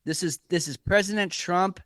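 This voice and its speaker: A man doing a loud, boastful impression of a president who keeps reassuring everyone and repeating himself. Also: sits high, moderate pace, dry recording, studio quality. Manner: bragging, reassuring, repetitive.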